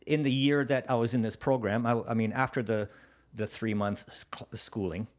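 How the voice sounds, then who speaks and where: A man's voice: mid-range voice, steady tone, normal speed. A man in his forties or fifties from Canada, telling his story as a podcast guest in a casual, profane way and acting out other people. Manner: swears freely, acts out quoted people, laughs often. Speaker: guest, contractor.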